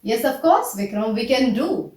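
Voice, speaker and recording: High, lively woman teaching English from a distance. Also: normal speed. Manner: chatty, fills with "you know". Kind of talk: scripted English lesson dialogue. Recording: echoey room, away from the mic.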